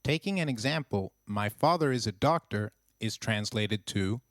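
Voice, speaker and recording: A man narrating a scripted language lesson with slow, clear, encouraging drills. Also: fairly low pitch, animated, dry recording, studio quality. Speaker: language teacher.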